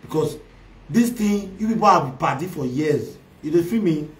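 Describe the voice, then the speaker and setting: A man delivers a mocking, loud social media rant, switching between Pidgin, Yoruba and Igbo. His voice sits high for a man and rings in a roomy, echoey space. He sounds set back from the microphone. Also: expressive, moderate pace, recorded from a distance. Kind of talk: ranting livestream commentary.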